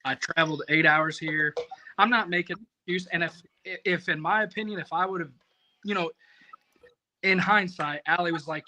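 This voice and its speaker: A man telling a rambling, profane story in casual podcast talk, animated and self-mocking. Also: on the high side, moderate pace, a little hiss or hum, low-quality recording. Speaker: competition barbecue cook, podcast guest.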